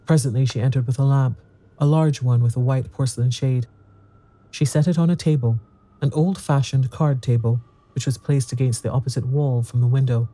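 A male narrator with a medium-pitched voice reads a story aloud as audiobook narration, in a measured, even storytelling manner.

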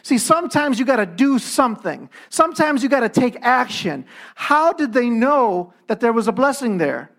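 High-voiced male preacher. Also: big pitch swings, normal speed, gravelly, few pauses, a bit bright. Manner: conversational preaching with acted-out quotes. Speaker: pastor. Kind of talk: sermon.

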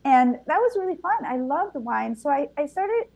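A woman's voice: high voice, very animated, normal speed, vocal fry, darkish tone, no echo, low-quality recording. A middle-aged woman from Argentina, a native Spanish speaker, telling her stories animatedly in an interview, with frequent restarts. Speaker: guest, vintner and physician. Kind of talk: conversational interview.

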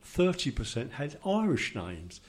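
A man's voice: medium pitch, very animated, a little slow. Older man, London accent, chatty, joking, rambling storyteller, casual group conversation. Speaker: discussion participant.

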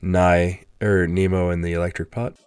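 A man's voice: deep voice, little pitch movement, normal speed, a little mellow, smooth, dry recording, clean studio sound. A man playing a tabletop game, speaking in a friendly, rambling and hesitant way. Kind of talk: in-character tabletop chat.

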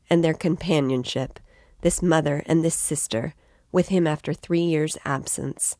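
A woman reading a novel aloud as narrator, in a measured, even way. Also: low-pitched, dry recording, clean studio sound. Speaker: audiobook reader.

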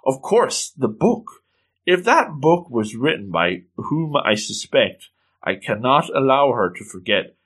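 A man voicing a serious, calm young male witch with a grave, measured delivery while reading a comic aloud. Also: mid-range voice, husky, heavily acted.

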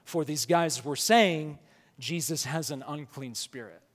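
A man preaching a sermon as pastor, slowing down to read scripture and building up to loud, emphatic passages. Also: fairly high pitch, long reverb tail.

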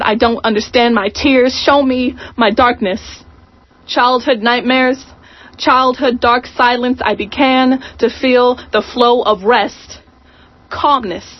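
A woman reading a poem aloud in a slow, deliberate, introspective way, heard over a muffled radio broadcast. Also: a little high. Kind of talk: poetry reading.

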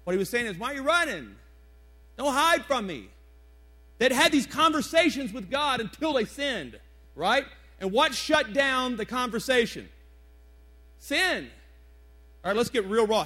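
High-voiced man preaching a conversational sermon. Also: very animated, measured pace, pauses often, sharp tone. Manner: conversational preaching, emphatic repetitions, asks the congregation questions. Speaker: pastor. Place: church sanctuary before a congregation.

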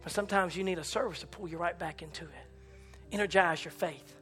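Male preacher, fiery sermon delivery, high bright voice, soft organ underneath. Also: a little fast. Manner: impassioned, rising to shouts and dropping low. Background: church organ chords.

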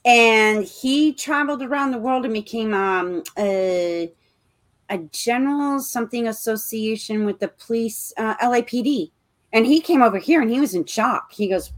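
A woman with a slightly high voice hosts a talk show. She chats casually, reacts quickly and agrees readily with her guest. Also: animated. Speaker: podcast host. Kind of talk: casual chat.

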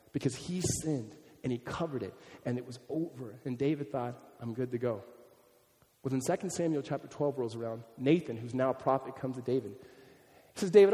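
A man preaching in a church hall, his fairly high voice carrying a long reverb. He tells the story like a storyteller, voicing the people in it. He falls quiet for the hushed lines and presses the key points hard. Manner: storytelling preacher acting out quoted voices, swinging from hushed to emphatic. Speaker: pastor. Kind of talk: sermon.

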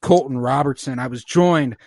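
A young man hosts a casual podcast, telling the episode's events in an animated, joking way. His pitch sits in a middle range, and the recording is dry and close with no room sound. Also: normal speed, no room sound. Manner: animated storytelling recap with swearing and jokes. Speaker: podcast host. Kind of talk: casual podcast recap chat.

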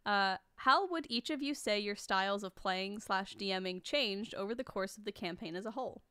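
A woman's voice: medium pitch, moderate pace, sharp tone, smooth. A woman chatting casually with her podcast castmates during a livestream, reading out listener questions and laughing often.

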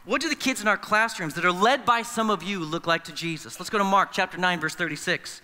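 A man preaches to his congregation in a high voice with a very bright edge. He talks conversationally and slips into the voices of the people he quotes. The church hall behind him rings with a long echo. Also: brisk. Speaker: pastor. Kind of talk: sermon. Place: church sanctuary. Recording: long reverb of a large hall.

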